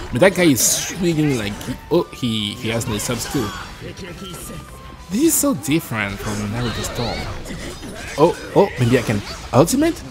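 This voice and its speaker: Excitable man narrating his own gameplay. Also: mid-range voice. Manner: excitable, jumpy, talks to himself while playing. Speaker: gameplay streamer. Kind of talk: live gameplay commentary.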